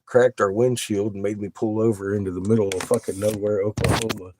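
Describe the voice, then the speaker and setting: A middle-aged man rambling excitedly and profanely in a casual monologue, showing off rocks from inside an RV. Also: lowish voice, a little fast, background noise.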